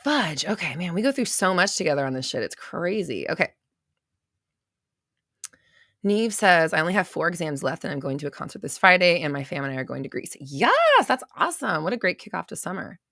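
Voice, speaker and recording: A young woman talks loosely and excitedly to her live-stream viewers and drops the odd swear word. Her tone is bright and forceful, and the sound is close and dry. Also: fairly low pitch, fast talker, few pauses, no echo. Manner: chatty, swears, reads viewer comments aloud. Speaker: host of a live manifestation coaching stream. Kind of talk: casual live-stream talk.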